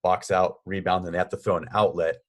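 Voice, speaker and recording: A man's voice: deep voice, little pitch movement, fairly quick. A man co-hosting a casual podcast, explaining basketball drills step by step. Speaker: basketball coach, podcast co-host.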